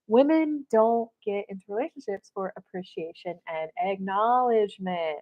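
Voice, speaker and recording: A woman's voice: mid-range voice, expressive, normal speed, hardly any pauses, dull audio. A woman dating and spiritual coach, talking casually to camera in a chatty way, telling stories with many fillers. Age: adult mother of boys.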